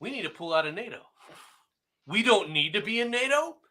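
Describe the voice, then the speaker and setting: Sex: man. Role: political talk host. Style: angry ranting commentary. Pitch: high, very lively. Tone: bright. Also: brisk. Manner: angry, sarcastic, mocking, often shouting.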